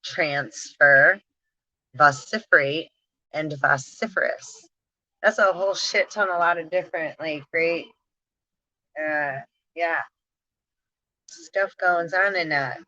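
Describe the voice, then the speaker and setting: A woman hosting a casual metaphysical talk, reading long word lists aloud slowly and giggling between them. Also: low-pitched, sharp tone, no echo, muffled recording. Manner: slow, drawn-out word reading with frequent giggles. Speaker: spiritual channel host.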